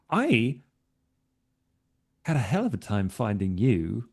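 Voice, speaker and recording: A man playing his character in a live tabletop role-play, talking in an easygoing, halting way full of fillers. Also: medium pitch, sing-song, slightly rough.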